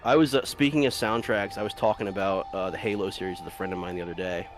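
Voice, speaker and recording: In low, fairly even tones and at a fast clip, a gameplay commentator chats casually while playing. He wanders through stories, swearing and laughing along the way.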